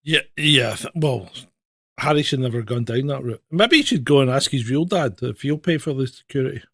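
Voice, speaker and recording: A man's voice: medium pitch, lively intonation, brisk, a bit bright, no room sound. A man co-hosting a livestream news roundup, talking bluntly and sarcastically, swearing and laughing at his own jokes. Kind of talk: casual sarcastic banter.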